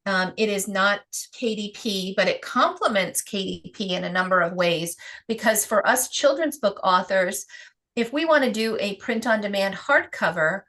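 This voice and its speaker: Bright-voiced woman with a Rhode Island accent. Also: mid-range voice, normal speed. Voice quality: chatty, upbeat, with fillers and little laughs. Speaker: host of a self-publishing Q&A. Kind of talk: live-stream Q&A chat.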